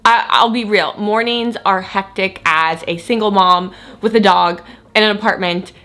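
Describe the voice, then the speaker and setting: A woman's voice: medium pitch, normal speed, bright, forceful tone. A woman vlogging casually from her home kitchen, chatty and a little rambling, with a slight lisp. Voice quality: slight lisp from dental aligners. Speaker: lifestyle vlogger and single mom. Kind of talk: casual vlog narration.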